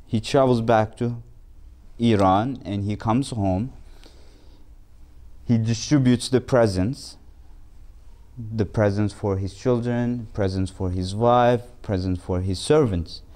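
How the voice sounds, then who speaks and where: Slow, mellow male storyteller. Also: mid-range voice. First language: Turkish. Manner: halting, with frequent restarts. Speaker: instructor. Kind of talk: storytelling lesson.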